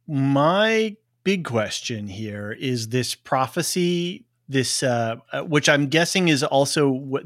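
A man's voice: medium pitch, a bit bright, dry recording, clean studio sound. Rambling man chatting on a podcast. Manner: rambling, many restarts and laughs. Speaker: podcast co-host. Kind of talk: casual podcast chat.

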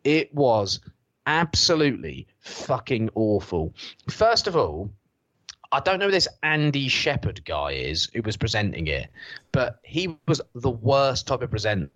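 A man's voice: mid-range voice, measured pace, no echo. A man, ranting sarcastically and swearing on a casual podcast from his sofa at home. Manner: sarcastic, swearing, animated mocking rants. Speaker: podcast co-host.

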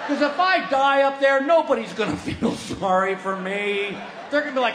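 Male comic, high swooping voice, roomy live room with crowd noise, middle-aged, animated shouting storyteller. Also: moderate pace. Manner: animated, breaks into shouts and laughs at his own story. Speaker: stand-up comedian. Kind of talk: stand-up storytelling.

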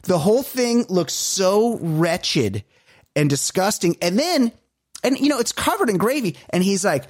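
Animated, swearing male podcast co-host. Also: high-pitched, moderate pace, husky, no room sound, clean studio sound. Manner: animated, profane ranting. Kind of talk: casual chat.

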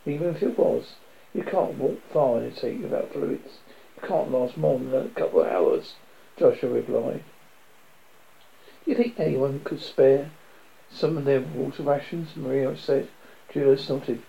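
A man's voice: unhurried, creaky, warm tone, rough recording. A man reading a novel extract aloud, with small slips and restarts and a lifted voice for the characters' lines. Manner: reads with slips and restarts, lifts pitch for quoted speech. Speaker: reader.

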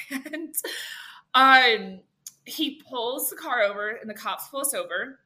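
A young woman telling a story to a friend, lively and chatty. Her voice is very bright and a bit high. She uses lots of fillers and acts out each line people said. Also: slow pace. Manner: animated, filler-heavy, acts out quotes. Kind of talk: casual storytelling chat.

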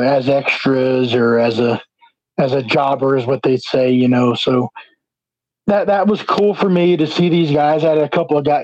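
A man's voice: mid-range voice, darkish tone, dry recording. A man from New Jersey, an independent wrestler, chatting casually as an interview guest and rambling with many "you know" fillers. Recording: dull lo-fi, dry sound.

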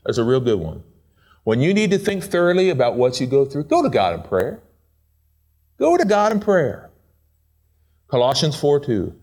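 A male pastor preaching a casual, playful sermon, swinging between excited high asides and low quiet remarks. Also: moderate pace, pauses often.

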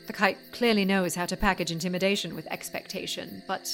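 A woman's voice: mid-range voice, steady tone, brisk, vocal fry, fairly bright tone, faint music behind. An actress playing a serious, determined woman searching for survivors. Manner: terse, serious, clipped.

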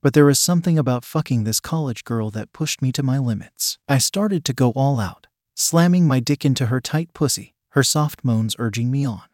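A man giving steady, intimate first-person narration of a romantic story. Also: mid-range voice, normal speed, hardly any pauses, no echo, studio quality.

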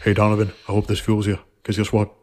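A man doing a low, drawling impression of a famous basketball star in the style of a famous singer. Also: completely flat delivery, quick pace, a little mellow, natural voice. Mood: mocking.

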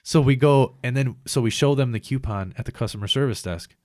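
A man's voice: mid-range voice, a little fast, no echo, clean studio sound. A man casually telling a long complaint story, swearing often and acting out the people he quotes. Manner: profane, animated retelling with quoted voices.

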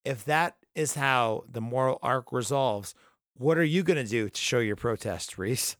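A man's voice: medium pitch, unhurried, no room sound, clean studio sound. A man co-hosting a casual podcast, ranting and swearing freely as he vents about a story. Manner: profane, ranting, animated. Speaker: podcast co-host.

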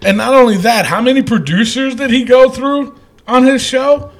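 A man's voice: very high-pitched, moderate pace. A man hosting a casual podcast, rambling with many fillers and restarts. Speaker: podcast host.

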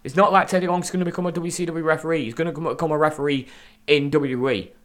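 A man's voice: fairly high pitch, fairly even intonation, very fast, fairly bright tone. A British man co-hosting a wrestling podcast in casual chat, ranting and swearing freely. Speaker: podcast co-host.

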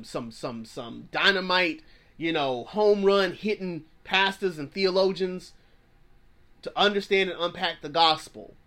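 Male pastor, thirties, fervent preacher, bright tenor voice, repeats himself for emphasis. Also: on the high side. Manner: fervent, repeats phrases, plain-spoken slang. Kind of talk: preaching sermon.

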